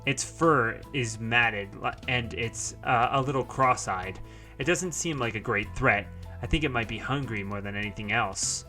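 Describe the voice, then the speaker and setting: A man's voice: mid-range voice, moderate pace, bright, forceful tone, faint music behind. A young man reading a visual novel aloud as narration, with casual asides and fillers between passages. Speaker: visual novel let's-player.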